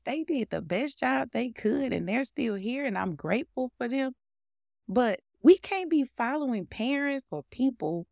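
Woman host, animated devotional teaching, AAVE speech, gravelly voice, dry close sound. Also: a little high, no room sound. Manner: animated, conversational, laughing often. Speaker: podcast host.

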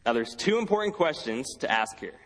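Male preacher, husky voice, earnest sermon, slow scripture reading, long hall reverb. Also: very animated, fairly bright tone. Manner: earnest, reads scripture slowly, rises in pitch when quoting cries.

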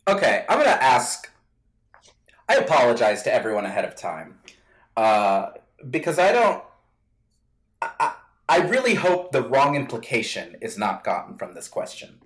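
A man's voice: medium pitch, very animated, normal speed, pauses often. A man co-hosting a podcast in casual chat, rambling, hedging and interrupting himself mid-thought. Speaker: podcast co-host.

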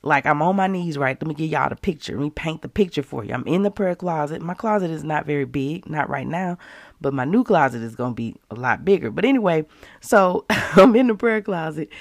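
A woman's voice: sits low, lively intonation, fairly quick, no room sound, studio quality. A woman with speech, a mother, teaching a casual devotional and talking straight to her listeners with emphatic, conversational energy. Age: adult with children. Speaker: Christian devotional host.

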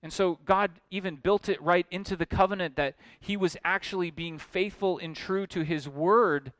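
A man's voice: sits high, moderate pace, a bit bright, dry recording. A man preaching an expository sermon as pastor, earnest, building to emphatic questions.

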